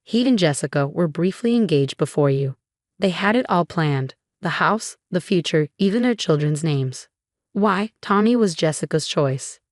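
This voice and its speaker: A woman's voice: fairly low pitch, animated, moderate pace, darkish tone, dry recording, studio quality, close to an everyday voice. A woman reading as a snobbish, condescending mother-in-law. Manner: dismissive, falsely sweet.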